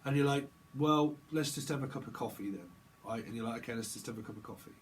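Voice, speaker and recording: A man's voice: mid-range voice, quick pace, slight background noise. A man doing a casual tarot reading, rambling in playful free association and repeating words in sing-song runs. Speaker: tarot reader.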